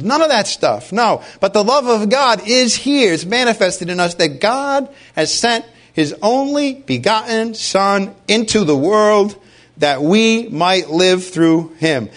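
A man preaching a sermon with passion, firing rhetorical questions at his congregation. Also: high voice. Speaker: pastor.

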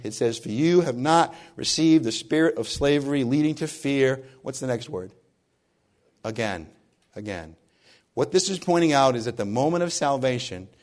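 A man with a New England accent preaching a sermon as pastor, his voice hoarse and froggy, earnest and building to emphatic questions. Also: medium pitch, a little mellow. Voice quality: froggy, husky.

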